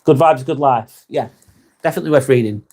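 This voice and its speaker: A man's voice: medium pitch, fairly quick, a little mellow. A man hosting a casual live vlog, reading viewer comments aloud and chatting with them, swearing casually. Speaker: live stream host reading chat.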